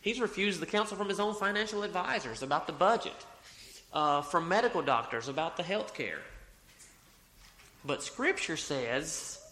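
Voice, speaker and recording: A pastor's fairly high, expressive, sharp voice moves at a moderate pace through a sermon in the church sanctuary. The room echoes as he reads scripture aloud, circles back over phrases, and revises his sentences as he goes.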